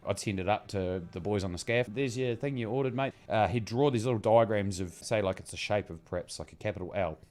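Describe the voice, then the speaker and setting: A man's voice: low voice, fast talker, few pauses, darkish tone. A young man with a New Zealand accent from the far south, telling his life story in a joking, slangy way as a podcast host. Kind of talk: casual chat.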